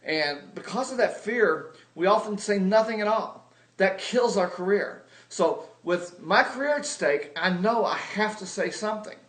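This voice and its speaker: A man's voice: high voice, expressive, a little slow, fairly bright tone, echoey room. A man giving a humorous, self-deprecating sales lesson, telling stories with comic exaggeration. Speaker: video blogger teaching sales.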